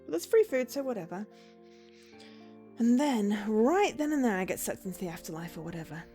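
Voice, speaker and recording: A woman streamer reading a visual novel aloud, with quick, playful asides between the lines. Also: fairly high pitch, lively intonation, mellow, soft background music.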